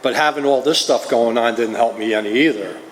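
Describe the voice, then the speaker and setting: A man's voice: medium pitch, a little fast. Middle-aged New Jersey man, confessional speaker, recorded in an echoey hall with faint background hum. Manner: earnest, confessional storytelling. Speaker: recovery meeting speaker. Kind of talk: personal testimony. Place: meeting hall. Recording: roomy hall, faint ambience.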